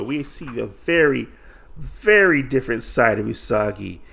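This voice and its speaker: A man's voice: mid-range voice, creaky. A man hosting a podcast, recapping a comic in a casual, rambling way with many fillers. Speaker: podcast host.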